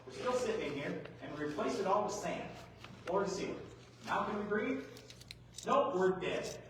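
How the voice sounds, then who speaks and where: A middle-aged man speaks to a roomful of farmers in a folksy, animated way, tossing out rhetorical questions. His voice sits a bit high. It rings through a large echoey hall, picked up from some distance with faint background hiss. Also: moderate pace. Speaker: agronomy speaker. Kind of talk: workshop presentation. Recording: echoey hall, mic far off.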